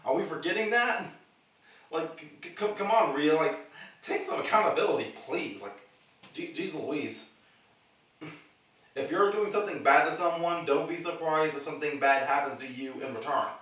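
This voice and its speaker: A man's voice: on the high side, moderate pace. Echoey rambling man host. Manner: rambling, animated, laughs easily. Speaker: podcast host. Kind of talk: casual solo wrestling chat. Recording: echoey room, distant mic.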